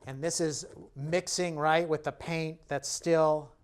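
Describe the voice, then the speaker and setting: Guy teaching painting, kinda high clear voice, encouraging, admiring the strokes. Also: fairly even intonation, takes it slowly. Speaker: painting instructor. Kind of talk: step-by-step painting lesson.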